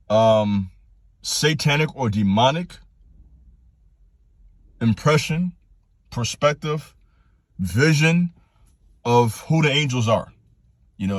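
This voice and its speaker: A man's voice: no echo, studio quality. A man hosting his own channel, giving a blunt, preachy motivational talk with repeated commands, his voice climbing into passionate bursts. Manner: direct, preachy, repetitive exhortations, rising to passionate pitch. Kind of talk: fired-up motivational monologue.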